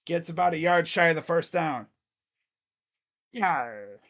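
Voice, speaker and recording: A man with a squeaky voice calling a football game live in casual play-by-play, jokey and excitable as plays unfold. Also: fairly quick, creaky. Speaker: live-stream sports commentator.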